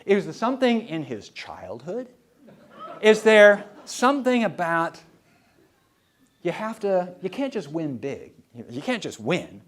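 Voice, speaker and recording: A man with a high-pitched lecturing voice, wry storyteller. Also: very animated, unhurried, a bit bright. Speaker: historian giving a talk. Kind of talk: public lecture with anecdotes. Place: talk before a live audience.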